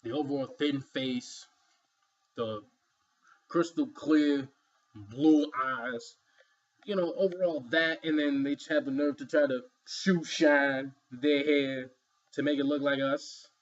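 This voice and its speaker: A man's voice: fairly high pitch, steady tone, slow pace, dull audio. A man giving an emphatic, rambling opinion commentary, filled with "you know" asides. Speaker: vlogger.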